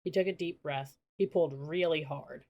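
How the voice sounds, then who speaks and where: Audiobook narrator: woman, lowish voice, steady children's storytelling. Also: normal speed, dull audio.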